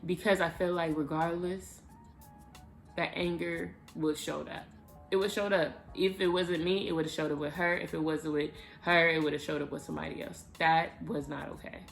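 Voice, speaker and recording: A woman vlogger telling a personal story to the camera in a casual, animated way, with emphatic bursts. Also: low voice, normal speed, vocal fry, faint music behind.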